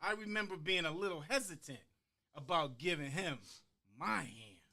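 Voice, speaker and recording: A man performing a heartfelt spoken-word monologue about growing up, with rhythmic pauses that land hard on key words and quoted voices acted out along the way. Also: a little high, pushed and bright. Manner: acts out quoted voices within the story. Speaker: podcast guest performing a monologue.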